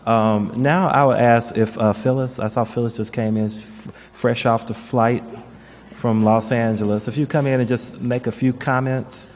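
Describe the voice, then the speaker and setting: A man's voice: mid-range voice, fairly even intonation, normal speed, darkish tone. A man acting as master of ceremonies, thanking the speaker with enthusiasm and introducing the next guest. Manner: enthusiastic, gracious. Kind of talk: emcee introductions. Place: event hall. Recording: reverberant hall, crowd and noise faint.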